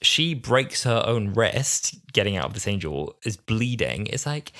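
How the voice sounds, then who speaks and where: A man's voice: lowish voice, animated, a little slow, hardly any pauses, fairly bright tone. A young man in his twenties co-hosting a podcast, talking in a rambling, casual way full of fillers and acted-out quotes. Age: 20s. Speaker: podcast co-host. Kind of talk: casual chat.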